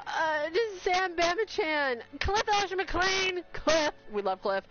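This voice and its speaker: A woman streamer, talking to her live chat in an excited, overwhelmed rush of exclamations. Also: very high-pitched, unhurried, hardly any pauses. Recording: slightly dull sound with faint noise.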